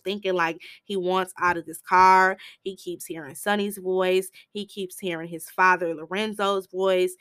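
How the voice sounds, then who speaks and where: A woman's voice: lowish voice, dry recording. A woman tells a film's story in a loose, slangy and blunt way, jumping into the characters' voices as she goes. She sits close to the mic in a dry, deadened space. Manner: animated, slangy, acts out quoted lines; blunt and profane. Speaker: film recap vlogger. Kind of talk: casual movie recap storytelling.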